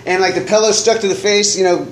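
A man's voice: high-pitched, steady tone, fast talker. A man telling a long personal story in a casual, rambling way, full of fillers and laughs. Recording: roomy echo, faint noise.

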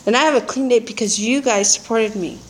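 A woman's voice: a little high, fairly quick. A woman giving personal testimony at a recovery meeting, telling her story in a blunt, earthy way and laughing often. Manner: animated storytelling with frequent laughter. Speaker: speaker sharing at a recovery meeting.

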